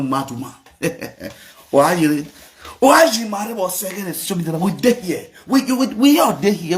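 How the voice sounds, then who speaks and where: A man's voice: high voice, a bit bright. A Nigerian man chatting playfully in pidgin, chanting his catchphrases in a sing-song way. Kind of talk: casual chat.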